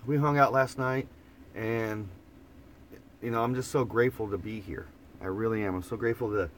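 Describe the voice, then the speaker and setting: A man's voice: mid-range voice, a bit bright, a little hiss or hum. A man with an Oklahoma twang chatting casually on a morning live stream from inside an old camper van, rambling and easygoing, often restarting his words. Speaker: vlogger. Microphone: phone propped up in front of him.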